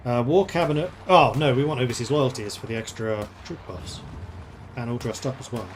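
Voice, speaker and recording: A man's voice: mid-range voice, fairly quick, background noise. A man streaming a strategy game, thinking aloud in a chatty, playful way as he plays. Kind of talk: casual gameplay commentary.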